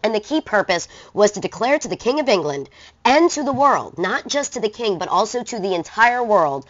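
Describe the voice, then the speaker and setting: Casual woman teacher, lowish voice. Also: fairly bright tone. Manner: casual, conversational, slangy. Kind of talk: recorded online lesson. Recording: dull lo-fi recording.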